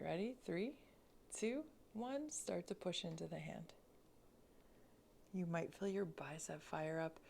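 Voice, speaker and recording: A woman leads a mobility class at an unhurried pace, her voice low and edged with vocal fry. She cues each movement calmly and counts down steadily, with a faint hiss of noise behind her. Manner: slow, calm cueing with counted breaths. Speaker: mobility instructor. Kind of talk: guided exercise class.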